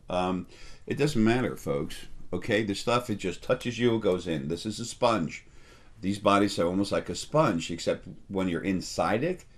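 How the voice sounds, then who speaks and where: A middle-aged man giving a casual, rambling spiritual talk, full of fillers and restarts. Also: lowish voice. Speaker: spiritual teacher.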